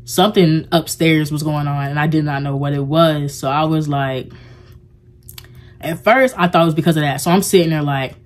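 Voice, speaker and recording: Young woman vlogger with a low, deep voice, chatty and confessional, rambling with lots of "like". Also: steady tone, normal speed. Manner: rambling and heartfelt, heavy use of "like". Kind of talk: casual confessional vlog talk.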